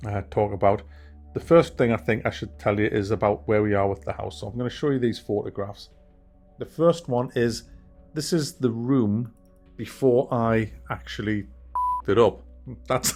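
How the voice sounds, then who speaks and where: A man's voice: mid-range voice, darkish tone. A man hosting a gaming channel, rambling through a casual update from his home office with mild swearing. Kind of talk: casual monthly update chat.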